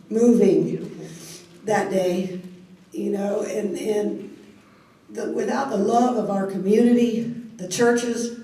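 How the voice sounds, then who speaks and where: A woman, giving a heartfelt personal testimony to a church group, speaking haltingly with restarts. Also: medium pitch, warm tone. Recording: echoey hall, heard from a distance.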